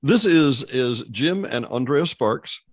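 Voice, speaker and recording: Animated joking male host. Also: medium pitch, slow pace, no echo, clean studio sound. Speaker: podcast host. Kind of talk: casual live-stream chat.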